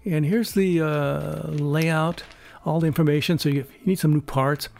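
Rambling man in his seventies, higher voice. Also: fairly even intonation, creaky, darkish tone. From California. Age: 70s. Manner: rambling, many filler pauses, chuckles. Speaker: YouTube product reviewer. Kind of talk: casual unboxing review.

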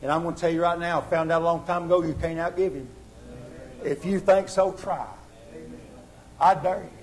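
A man's voice: steady tone, normal speed, a little hiss or hum, low-quality recording. Impassioned preacher, man. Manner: impassioned, rising to loud exhortation then dropping low. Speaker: pastor. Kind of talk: sermon. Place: church sanctuary.

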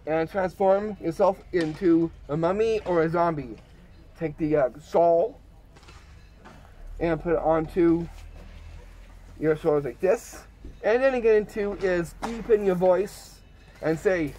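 High-voiced man teaching a magic trick. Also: mellow, slight background noise. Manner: eager, repeats "like this" while demonstrating. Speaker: magic trick tutorial host. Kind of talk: casual demonstration tutorial.

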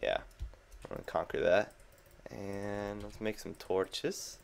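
This gaming channel host is a young man with a fairly low, gravelly voice, slow delivery and fairly even intonation, with slight background noise. He keeps things chatty and self-amused, jumping at what happens in the game while his keyboard clicks away.

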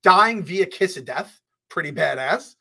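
A man hosting a casual podcast, giving offhand opinions and quick asides. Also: high voice, lively intonation, vocal fry, bright, forceful tone, slightly rough. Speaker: podcast host.

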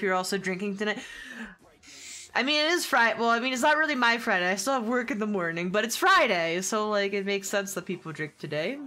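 A woman's voice: medium pitch, bright, forceful tone. A young adult woman chatting casually with her viewers on a game stream, swearing and laughing often as she answers chat. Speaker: gaming streamer.

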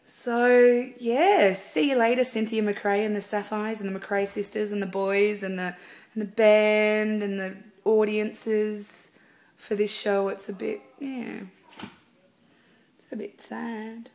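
A woman's voice: medium pitch, steady tone, takes it slowly, darkish tone. A woman, a singer, chatting casually in a video blog from a theatre dressing room, rambling with lots of fillers. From Australia.

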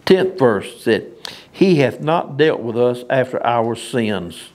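A man's voice: mid-range voice, lively intonation, takes it slowly, darkish tone. A man preaching an informal sermon, folksy and emphatic, often laughing at his own lines.

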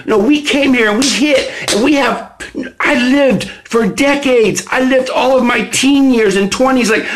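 A man hosting a live stream, reading from his own book and preaching self-understanding, swinging between low chatty asides and loud emphatic bursts. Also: moderate pace, poor audio. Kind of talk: motivational live stream talk. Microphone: phone or webcam on a live stream.

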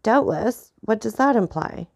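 A woman voicing a grave, vengeful nobleman who speaks in a measured, solemn way. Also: on the high side, expressive, gravelly, darkish tone, pitched above the performer's own voice, full character voice.

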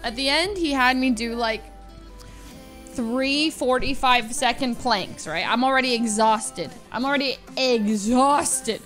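Young woman, streamer, lively anecdote, laughs a lot, slightly high voice, soft music behind. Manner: animated, laughs often, drawn-out emphasis. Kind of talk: casual storytelling.

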